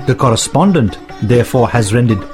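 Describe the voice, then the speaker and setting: A man voicing an earnest male leader in a documentary, reading his letters and speeches in a measured, formal way. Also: medium pitch, expressive, darkish tone, close to an everyday voice. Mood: solemn. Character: earnest male leader writing to followers and son. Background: music with sitar.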